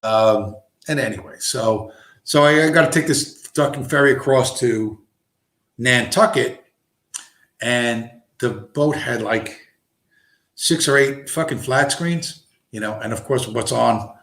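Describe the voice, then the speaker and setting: A man's voice: medium pitch, takes it slowly, a bit bright. Profane rambling man in echoey room. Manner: profane, digressive, lots of fillers. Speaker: streamer. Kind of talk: rambling casual storytelling. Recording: roomy echo.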